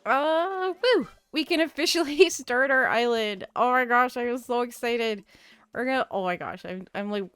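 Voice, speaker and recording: A chatty, playful young woman talks her way through a life-sim game, teasing the characters and reading their lines aloud. Her voice sits a little high and comes across smooth and clean, recorded close and dry. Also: normal speed, fairly bright tone, dry recording, faint music behind. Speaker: gaming channel host. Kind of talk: casual gameplay commentary.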